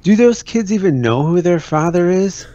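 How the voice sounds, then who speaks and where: A man's voice: sits high, lively intonation, normal speed, warm tone, a little hiss or hum. A man co-hosting a casual podcast, teasing and mock-scolding in crude banter. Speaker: podcast co-host. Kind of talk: casual chat. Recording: dull lo-fi sound.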